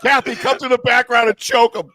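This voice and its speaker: A man's voice: extremely high pitch, little pitch movement, a little fast, a crowd in the background. A middle-aged man hosting a live-stream podcast, chatting casually in a rambling, profane and enthusiastic way. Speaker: podcast host. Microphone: remote stream call.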